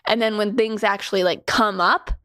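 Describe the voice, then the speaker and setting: A woman's voice: medium pitch, fairly even intonation, normal speed, a bit bright, no echo, clean studio sound. A woman giving a casual spiritual talk as a teacher. She is chatty, fills her speech with many "like"s and laughs often as she goes. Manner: laughs often while talking.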